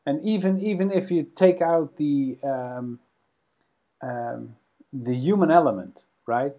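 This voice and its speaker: A man co-hosting a podcast in casual conversation, animated and halting, with many ums and restarts. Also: fairly high pitch, lo-fi sound. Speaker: podcast co-host.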